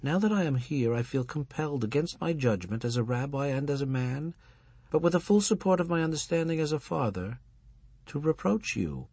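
A man's voice: on the high side, animated, creaky, darkish tone, husky, no room sound, voice pushed up, exaggerated voice. A man voicing an older rabbi and husband, stern and commanding, speaking in a lofty, preaching manner. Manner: lofty, preaching, slow on emphasis.

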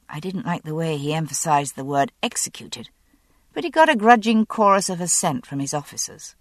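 Low-voiced woman narrating a novel. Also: animated, normal speed, no echo. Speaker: audiobook narrator. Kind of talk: first-person novel narration.

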